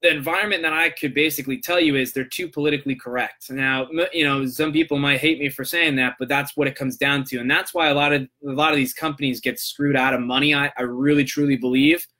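A man with a bright, forward voice talks through his podcast on his own. He rambles in a relaxed, conversational way, often tagging his points with a quick "right?" His voice sits at a middling pitch. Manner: rambling, loose and conversational, tags lines with "right?". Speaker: podcast host. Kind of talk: casual solo podcast monologue.

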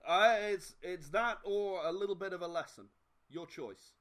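A man's voice: high voice, normal speed, a bit bright. Threatening alien male shopkeeper, man doing the voice, blunt, tabletop game.

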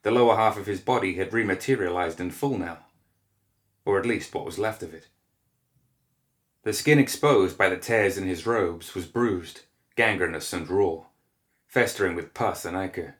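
Brief: male narrator, low voice, steady scripted story reading. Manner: measured, descriptive reading.

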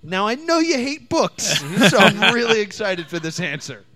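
A man's voice: high-pitched, moderate pace, crowd noise. A man hosting a podcast, telling stories in casual chat and laughing often. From New Jersey. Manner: animated storyteller, laughs often. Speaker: podcast host.

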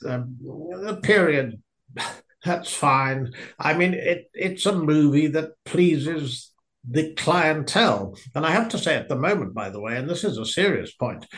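A man's voice: fairly high pitch, a bit bright. A man reviewing a film in casual chat, wry and rambling, with frequent hesitations.

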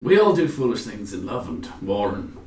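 A man voicing a flustered, overly polite male playwright in a halting, formal manner. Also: lowish voice, sing-song, a little mellow, distant mic, voice pushed down. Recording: echoey room, off-mic.

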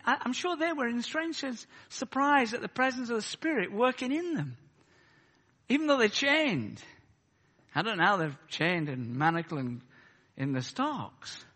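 Fervent, high-pitched animated male preacher. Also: breathy edge, long reverb tail. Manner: animated, rising to loud fervent peaks, then dropping to soft asides. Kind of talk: sermon.

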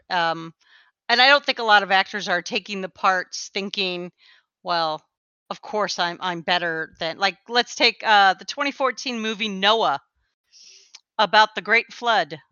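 A woman's voice: mid-range voice, sharp tone, clean tone, no echo, lo-fi sound. A woman co-hosting a podcast in casual chat, emphatic, often restarting and trailing off. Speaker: podcast co-host.

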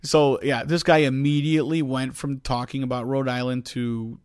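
A man's voice: medium pitch, level tone, normal speed, darkish tone, clean tone, dry recording, clean studio sound. Chatty Chicago man telling a story. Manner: rambling anecdotes, acts out quoted voices. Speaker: podcast co-host. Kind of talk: casual chat, storytelling.

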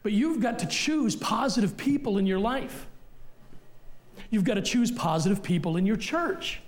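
A middle-aged man preaching a sermon as pastor in a church, blunt and forceful with repeated punchlines. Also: sits high, big pitch swings, normal speed. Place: church sanctuary.

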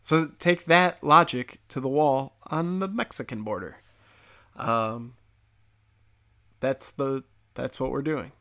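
An American man holds forth as a podcast host, opinionated and sarcastic, cursing freely. His mid-range voice carries a gravelly, fry-heavy edge. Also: mid-range voice, slow pace, long pauses, a bit bright. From United States. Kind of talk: casual comedic rant.

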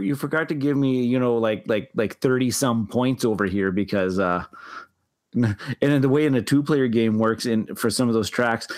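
A man co-hosting a casual board game chat, often stumbling over and repeating his words and breaking into laughter. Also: medium pitch. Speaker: board game podcast co-host.

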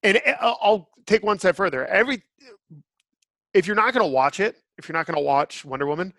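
A man's voice: high voice, lively intonation, a little fast, a bit bright, dry recording, studio quality. A man hosting a podcast, giving blunt, opinionated reviews in casual chat. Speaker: podcast host.

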